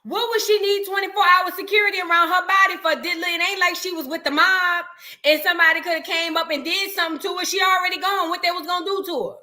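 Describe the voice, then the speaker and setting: Woman reacting for her chat, high bright voice, blunt and emphatic, says things twice. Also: steady tone, quick pace. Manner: blunt, emphatic, repeats herself. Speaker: reaction show host. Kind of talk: casual commentary to a live chat.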